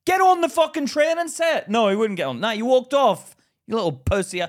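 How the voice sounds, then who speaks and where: Male podcast co-host, high and very lively voice, profane storyteller. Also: fairly quick. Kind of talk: casual chat.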